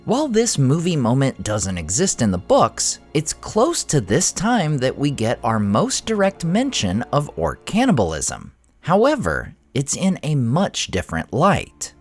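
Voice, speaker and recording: A man hosting a fantasy lore channel, giving expressive scripted narration. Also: medium pitch, a little slow, few pauses, faint music behind.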